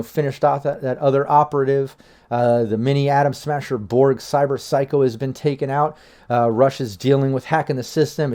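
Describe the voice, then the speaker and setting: A man's voice: mid-range voice, mellow. A man running a tabletop game as game master, narrating in a rambling way with many fillers and restarts.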